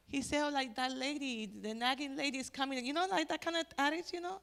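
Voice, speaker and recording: Middle-aged woman, high bright voice, animated testimony, loud to whispered. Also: fast talker, hardly any pauses. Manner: animated, shifts between loud exclamations and near-whispers. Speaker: church family-life speaker. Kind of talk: personal testimony talk.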